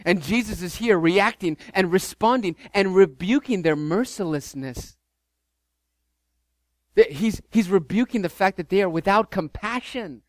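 A pastor preaching with lively, shifting emphasis, his voice sitting a little high for a man. The sound is close and dry, with no room around it. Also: unhurried, no room sound. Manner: animated preaching, voices the disciples mockingly. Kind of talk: sermon.

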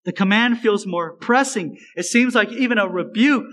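A man's voice: high voice, moderate pace, a bit bright, rough recording. A man preaching a sermon as a pastor, earnest and emphatic, repeating phrases for stress.

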